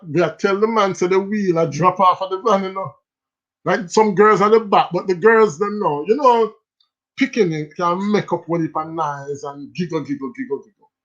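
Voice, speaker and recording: High-voiced Jamaican man telling stories. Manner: animated, laughs often, speaks in patois. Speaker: livestream host. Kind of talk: casual storytelling. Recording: slightly dull lo-fi sound.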